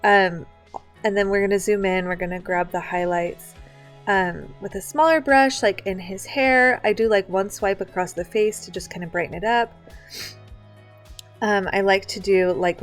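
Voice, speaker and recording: Chatty young woman instructor, mid pitch, casual step-by-step walkthrough, faint music behind. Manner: chatty, filler-heavy, explains step by step. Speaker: photography instructor. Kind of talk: casual screen-share tutorial. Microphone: computer mic on a live online class.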